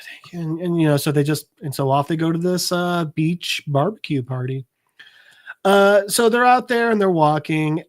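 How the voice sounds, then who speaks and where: Guy on a podcast recapping a comic, swearing a lot, acting out lines. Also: a little high. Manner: animated, profane retelling that acts out the characters' lines. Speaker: podcast co-host presenting a comic segment. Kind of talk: casual comic book recap.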